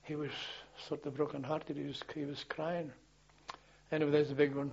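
An older man telling wartime memories as a former policeman, in a halting, rambling way full of restarts and chuckles. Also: a little high, flat delivery, vocal fry, a little mellow, highs cut off, a little hiss or hum. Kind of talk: oral history storytelling.

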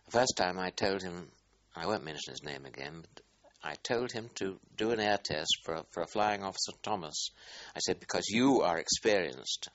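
An older man recalling his wartime squadron in an interview, halting and searching for words. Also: deep voice, fairly bright tone, no echo, dull audio. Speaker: interviewee, former squadron commander. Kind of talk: oral history interview.

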